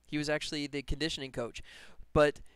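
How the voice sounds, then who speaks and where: Streamer guy, slightly high, smooth voice, close dry mic, rambling and enthusiastic. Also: flat delivery, a little fast, dry recording. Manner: rambling, enthusiastic, laughs often. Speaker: game developer streamer. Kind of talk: casual live stream chat.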